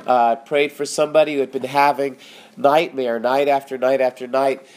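A man's voice: mid-range voice, fairly even intonation, moderate pace. A middle-aged male pastor giving a conversational sermon and praying aloud, with fillers and tag questions. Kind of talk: sermon with spoken prayer.

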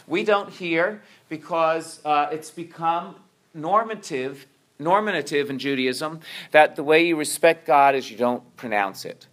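Guy preaching a sermon, voice on the high side, keeps restarting and asking right?. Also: normal speed, fairly bright tone. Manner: restarts and repeats words, asks "right?" often. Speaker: congregation leader, preacher.

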